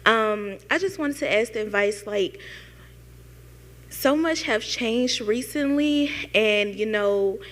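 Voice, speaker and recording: A young woman in the audience asking a long, halting question, full of fillers and near tears. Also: fairly high pitch, fairly bright tone, long reverb tail. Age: young adult. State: tearful. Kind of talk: emotional question at a panel event.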